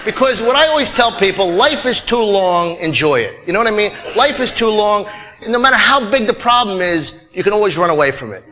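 Man, stand-up comic, high voice, lively swooping delivery, mock-earnest rants, shouted punchlines, noisy live show recording. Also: brisk. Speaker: stand-up comedian. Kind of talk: stand-up comedy routine. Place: live comedy stage before a laughing audience. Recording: noisy live recording with loud crowd laughter.

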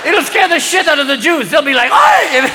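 A man playing a giddy, scheming cardinal who keeps interrupting himself, recorded live on stage in a hall with a loud crowd. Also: very high voice, sing-song, normal speed, noisy background, pitched above the performer's own voice. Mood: manic glee. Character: giddy scheming male cardinal, gleeful and frantic.

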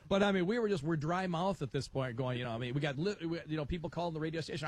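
A middle-aged man hosting a live radio talk show, telling an animated story and acting out the voices in it. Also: on the high side, racing, few pauses.

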